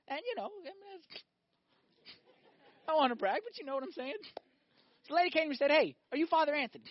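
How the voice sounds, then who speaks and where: A male priest giving a sermon, animated, firing off rhetorical questions and acting out little scenes. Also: extremely high pitch, a little fast, muffled recording.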